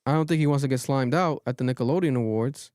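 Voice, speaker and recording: A man's voice: medium pitch, fast, darkish tone, no echo, clean studio sound. A man hosting a podcast livestream, chatting casually and joking while he introduces clips. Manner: laid-back, joking, chatty.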